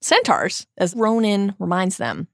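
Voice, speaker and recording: A woman's voice: medium pitch, sing-song, measured pace, vocal fry, no room sound, clean studio sound. A woman hosting a book podcast, retelling chapters and reading quotes aloud with wry asides. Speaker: podcast host. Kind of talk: book discussion podcast with read-aloud passages.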